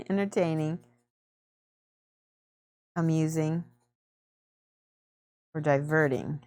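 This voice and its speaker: A woman's voice: deep voice, drawn-out words, pauses often, darkish tone. A woman chatting casually on a livestream while painting miniatures, giggling often and thinking aloud.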